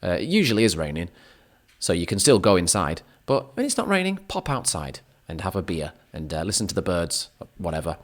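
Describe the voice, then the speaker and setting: A man talks casually to his viewers like a relaxed teacher. His voice sits low and deep, and he rambles, corrects himself mid-thought and slips in dry little jokes. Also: a little fast. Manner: rambling, self-correcting, joking asides to the viewer. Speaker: English teacher. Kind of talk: casual chat.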